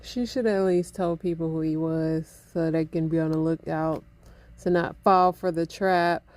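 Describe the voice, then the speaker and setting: A woman making low-key, muttered reaction comments in a casual way. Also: steady tone, moderate pace, a little mellow.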